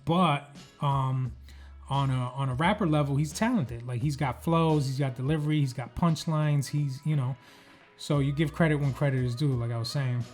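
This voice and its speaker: A male podcast host from the United States talks in an easy, mid-pitched voice. He rambles casually, leaning on fillers and letting thoughts trail off. Faint music sits under the recording. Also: normal speed, a little mellow. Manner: loose, filler-heavy, trails off mid-sentence. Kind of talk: casual chat.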